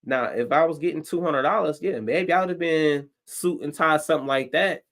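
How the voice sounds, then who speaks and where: A Detroit stand-up comedian with a fairly high, brisk voice tells a story on a livestream. He's profane and animated, acting out his own reactions.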